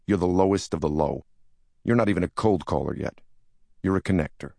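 A man putting on a sneering young yuppie stockbroker in an audiobook, full of disdain and smug contempt. The voice sits very deep, with a gravelly edge, and sounds close and dry. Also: a little fast, darkish tone, dry recording. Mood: scornful. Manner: contemptuous, smirking.

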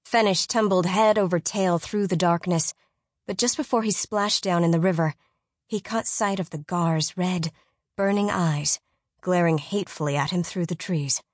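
A woman narrating a children's storybook audiobook in a measured, suspenseful way. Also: lowish voice, dry recording, clean studio sound.

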